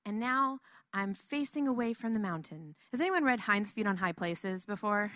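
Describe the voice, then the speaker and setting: Chatty woman teaching the Bible, bright voice. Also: mid-range voice, normal speed, no echo, studio quality. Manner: chatty and animated, with many asides.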